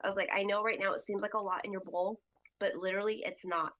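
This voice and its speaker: A woman guest on a podcast tells a story in a loose, chatty way, padded with fillers and acted-out quotes. Her voice sits mid-pitch, and the recording is dull and lo-fi. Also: fairly even intonation, fast, a bit bright. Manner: chatty, acts out quoted dialogue with lots of fillers. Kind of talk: casual storytelling.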